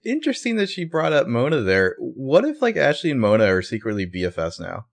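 A man co-hosting a podcast, recapping a show casually with quick, wry asides. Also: mid-range voice, huge pitch swings. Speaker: podcast co-host.

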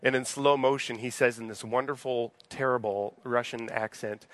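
Conversational pastor preaching, dry sound. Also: male voice, medium pitch, fairly even intonation, brisk, few pauses, fairly bright tone, dry recording. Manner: conversational, asks the congregation questions. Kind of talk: sermon. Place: church sanctuary.

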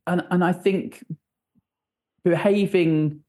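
Male guest, warm dark tone, musing and circling back on his thoughts. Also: sits high, steady tone, takes it slowly. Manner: thoughtful, rambling, restarts often. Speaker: author and church leader, guest. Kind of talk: conversational interview answers.

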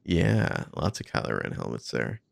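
A man's voice: very deep voice, very animated, moderate pace, vocal fry, no room sound, studio quality. A man co-hosting a podcast, chatting casually about film footage, swearing freely and thinking aloud with fillers. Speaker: podcast co-host.

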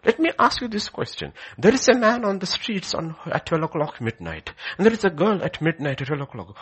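A male preacher delivering a sermon with a husky voice. His pitch is very lively, jumping high for emphasis and then falling to quiet, almost whispered passages. He keeps moving between loud declarations and hushed storytelling. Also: a little fast, few pauses.

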